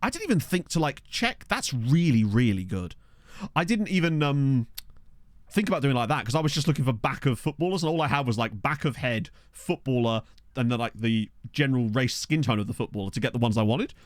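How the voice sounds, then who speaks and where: A man talks through his football management game on stream, reacting aloud to each surprise and chatting to his viewers. His pitch swings widely and animatedly. The sound is dry and close, with no room echo. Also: brisk. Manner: excitable, chatty, reacts aloud and addresses chat. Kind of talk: casual gameplay commentary. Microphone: desk microphone.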